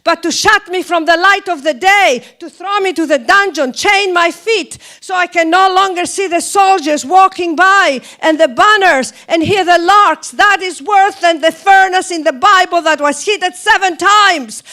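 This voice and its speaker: A woman performing a defiant, impassioned young heroine in chains in a loud, intense stage monologue. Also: very high-pitched, a little slow, few pauses, voice pushed up, full character voice.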